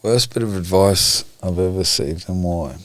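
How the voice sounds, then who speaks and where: Low-pitched aussie bloke, blunt and emotional, swears a lot, dry close sound. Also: male voice, normal speed, fairly bright tone, no room sound. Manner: frank, emotional, swears often. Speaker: podcast guest. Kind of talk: candid conversation.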